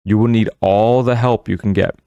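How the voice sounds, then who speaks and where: A man's voice: fairly low pitch, steady tone, normal speed, mellow, no echo, lo-fi sound, close to an everyday voice. A man voicing a stern, mysterious woman of the forest who gives solemn commands in an audiobook. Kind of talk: audiobook character voice.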